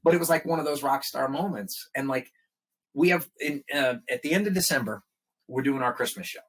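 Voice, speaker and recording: On a podcast, a middle-aged musician guest speaks briskly at medium pitch, casually recounting stories. He's animated and mimics the characters in a raised voice.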